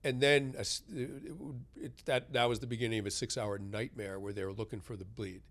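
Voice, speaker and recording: A man's voice: fairly low pitch, fairly even intonation, a little fast. A middle-aged man from the United States, a guest author telling a personal story in a candid interview, talking conversationally and often adding "right?". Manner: conversational, tag questions, swings loud and soft.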